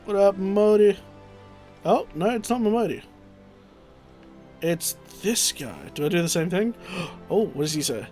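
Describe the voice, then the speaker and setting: A man's voice: a little high, very animated, a little slow, long pauses. A young man playing a game and chatting casually, swearing and reading dialogue aloud. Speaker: gaming streamer. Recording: faint background music.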